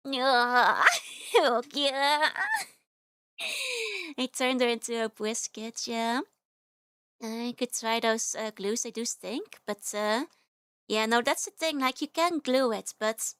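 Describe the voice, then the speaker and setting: A young woman streaming live, chatting casually and giggling as she greets her chat with rapid repeated hellos. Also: on the high side, a bit bright, clean tone, dry recording, clean studio sound.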